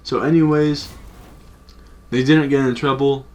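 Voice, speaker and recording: A man's voice: medium pitch, fairly even intonation, measured pace. A young adult man telling a story in a casual, loose, slangy way, full of "like" and swearing. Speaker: storytime vlogger.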